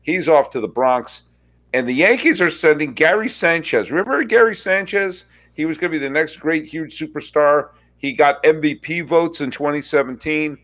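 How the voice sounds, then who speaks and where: A man hosting a sports podcast, chatting casually and telling wry stories with quick asides. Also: fairly high pitch, a bit bright. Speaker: podcast host.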